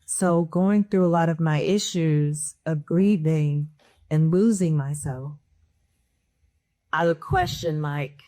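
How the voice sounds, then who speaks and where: A woman on a talk panel shares her own story, candid and emotional, with a slightly low voice. The sound is dry and close, with no room around it. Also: slow pace, warm tone, no echo. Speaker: panel guest. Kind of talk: personal testimony in a panel chat.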